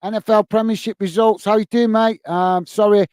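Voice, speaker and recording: A man hosting a live stream, reading viewers' comments in a hurried, chummy way full of fillers, calling everyone mate. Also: high-pitched, steady tone, a little mellow, dry recording. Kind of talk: casual live-stream chat.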